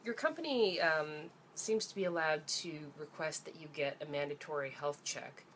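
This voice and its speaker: A woman's voice: low-pitched, moderate pace, a bit bright, a little hiss or hum. A young woman, ranting angrily and sarcastically in a vlog, swearing freely. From Canada. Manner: angry, profane, sarcastic. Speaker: vlogger.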